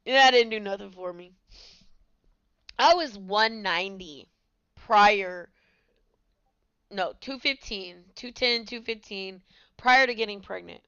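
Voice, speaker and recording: A woman in her thirties tells her own story slowly and candidly, with a gravelly edge to her voice. It sounds dry and close, though the recording is a bit dull and lo-fi. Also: mid-range voice, a bit bright, dry recording. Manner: candid, conversational, with many fillers. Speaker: podcast host. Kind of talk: personal storytelling.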